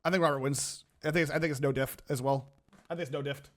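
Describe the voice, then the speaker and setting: A male streamer reacting live with his chat, excitable, stumbling over his words and restarting often. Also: a little high, fast, background noise.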